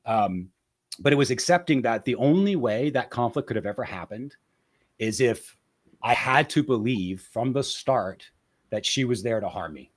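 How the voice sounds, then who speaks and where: A man speaks as a podcast guest in a medium-pitched, animated voice at normal speed. The interview is candid and reflective, and he often restarts and repeats words as he searches for the right phrasing.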